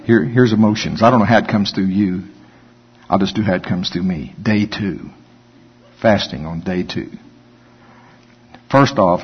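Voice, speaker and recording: A pastor with a fairly low, breathy-edged voice preaches a conversational sermon, animated but at a measured pace with frequent pauses. He jokes and acts out whiny voices, and the recording sounds dull with long hall reverb.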